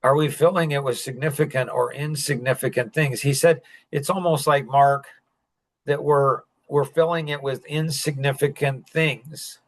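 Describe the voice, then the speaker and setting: Male podcast host, slightly high pitch, loose rambling delivery with frequent chuckles. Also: fairly even intonation, normal speed. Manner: rambling, chuckling, heavy use of "like". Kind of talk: casual podcast chat.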